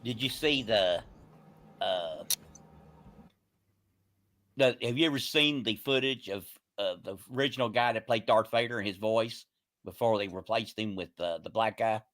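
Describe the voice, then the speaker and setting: A man's voice: fairly low pitch, normal speed, pauses often, a bit bright. A man chatting casually with friends, sharing movie trivia and laughing at his own impressions. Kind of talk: casual chat.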